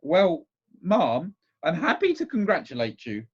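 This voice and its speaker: A man doing a meek, soft-spoken doctor. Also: sits high, wildly swooping pitch, measured pace, breathy edge, highs cut off, voice pushed up, heavily acted. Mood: meek placating. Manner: soft, mild, placating. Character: meek, timid middle-aged male doctor, soft-spoken.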